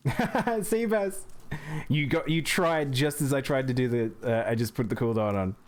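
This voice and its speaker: A man's voice: mid-range voice, a little slow. A man streaming live gameplay, chatting with viewers as he plays. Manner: chatty, reacts to chat and thanks viewers.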